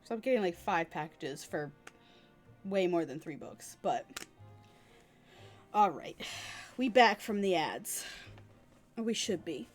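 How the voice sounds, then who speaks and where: A woman's voice: fairly low pitch, lively intonation, takes it slowly, pauses often. A woman streamer chatting casually between reading game dialogue, with exasperated asides. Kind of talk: casual chat while reading a game aloud. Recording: faint music behind.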